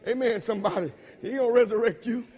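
A man with a very high voice preaching a sermon. He hammers points home by repeating words and swings from loud shouted emphasis down to low murmured asides, all in a loose, conversational way. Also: fast, slightly rough. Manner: informal conversational preaching with repetition.

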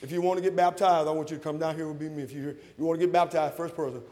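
Preacher in his sixties, high voice, rapid fervent delivery, reverberant church hall. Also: steady tone. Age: 60s. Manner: fervent, rising to shouts, calls and responses with the congregation. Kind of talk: sermon. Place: church sanctuary.

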